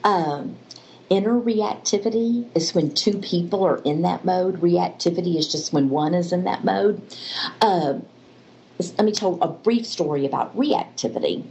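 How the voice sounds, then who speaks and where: A woman's voice: on the low side, moderate pace, slight background noise, rough recording. A woman counselor telling stories and explaining ideas in a faith-based interview, acting out the voices of the people in her stories. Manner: animated storyteller, acts out quoted voices.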